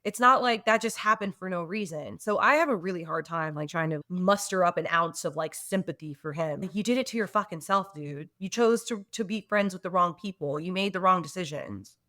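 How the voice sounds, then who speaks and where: A woman's voice: lowish voice, a little fast, few pauses, pushed and bright, dry recording, studio quality. A woman co-hosting a podcast, ranting about a book in casual chat with lots of swearing. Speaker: podcast co-host.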